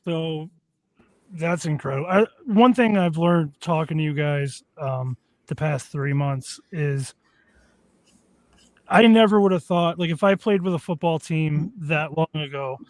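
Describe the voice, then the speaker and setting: A man's voice: a little high, measured pace, a little mellow, no echo. A man hosting a sports podcast, chatting casually with plenty of fillers. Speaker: podcast host. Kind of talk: casual interview chat.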